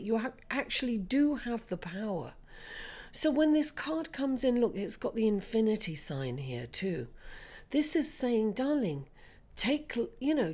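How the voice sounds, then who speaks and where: A woman with a raspy voice, hoarse from being ill, giving a chatty tarot reading and calling her listeners darling. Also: medium pitch, a little mellow. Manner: chatty, calls listeners darling and guys, many fillers. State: hoarse from illness. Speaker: tarot reader. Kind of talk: casual tarot reading monologue.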